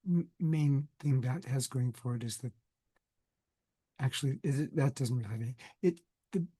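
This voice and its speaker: A man's voice: medium pitch, a little mellow, slightly rough, no room sound. Man, head cold, cough, recorded lecture, self-correcting, dry room. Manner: conversational, digressive, self-correcting. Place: indoors, recording for video.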